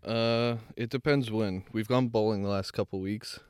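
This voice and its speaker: A man's voice: fairly low pitch, steady tone, moderate pace, a little mellow, smooth, no room sound, clean studio sound. Young man rambling through a story, swearing. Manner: rambling storyteller, swears freely, self-correcting. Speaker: podcast co-host. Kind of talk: casual chat.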